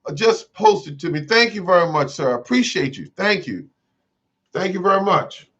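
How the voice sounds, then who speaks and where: A man's voice: high-pitched, animated, normal speed, fairly bright tone, lo-fi sound, pitched above the performer's own voice. A man imitating a smug male streamer who fawns over the people who send him money. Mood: fawning. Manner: over-sweet and fawning. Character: gushing, smug male streamer thanking donors.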